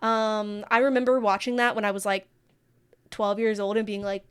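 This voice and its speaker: A woman's voice: medium pitch, steady tone, normal speed, clean tone. A woman in her twenties from the American Midwest, co-hosting a podcast in casual, gushing chat. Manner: chatty, gushing, quotes herself. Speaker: podcast co-host.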